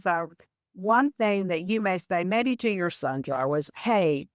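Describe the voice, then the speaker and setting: A woman guest on a podcast interview, explaining habits in a measured, example-filled conversational way. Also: medium pitch, expressive, no echo. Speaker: podcast guest, communication coach.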